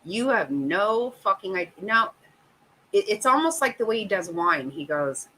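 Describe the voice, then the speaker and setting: Brief: middle-aged woman host, bright voice, swearing, exasperated casual chat. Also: medium pitch, very animated, normal speed, a little hiss or hum, low-quality recording. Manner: profane, exasperated, laughing often.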